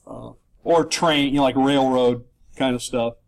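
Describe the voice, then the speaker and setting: A man's voice: mid-range voice, steady tone, unhurried, creaky. A middle-aged man lecturing a class on economics, teasing the students with jokes and rhetorical questions. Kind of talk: classroom lecture with joking asides. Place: classroom in Florida.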